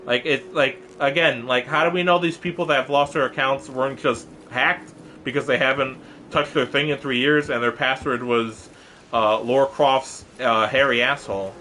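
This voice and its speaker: A young man rambles to his stream viewers in loose, filler-heavy casual chat. His voice sits at a middle pitch and comes out bright and forceful. A faint hum of room ambience sits under the desk mic. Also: fairly even intonation, normal speed. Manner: rambling, exasperated, lots of fillers and restarts; mock-angry teasing of a chat viewer.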